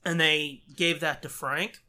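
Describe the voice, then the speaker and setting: Bright-voiced, swearing podcast host. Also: male voice, fairly high pitch, steady tone, unhurried. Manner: profane, rambling storyteller. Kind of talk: casual movie commentary chat.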